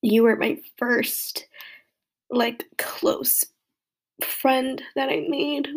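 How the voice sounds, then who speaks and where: A young woman recording a casual solo podcast for friends, talking in a halting, rambling way with many fillers and often dropping to a soft near-whisper. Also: high-pitched, steady tone. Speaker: friend recording a birthday message.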